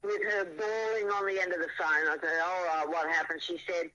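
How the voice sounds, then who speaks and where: Man, riding coach, high voice, very bright and sharp tone, animated storytelling, shifting pace. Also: a little fast, muffled recording. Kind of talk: storytelling in a casual interview.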